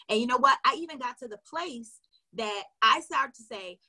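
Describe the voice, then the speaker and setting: A woman sales coach tells a story to her viewers in an animated way, acting out the dialogue and speaking to them directly. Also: on the high side, fast talker, husky.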